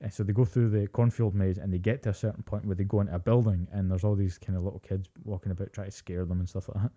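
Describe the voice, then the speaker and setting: Low, dark-voiced man telling stories. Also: fast talker. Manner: animated storytelling, heavy swearing, acts out quotes. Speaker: podcast co-host. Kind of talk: casual chat.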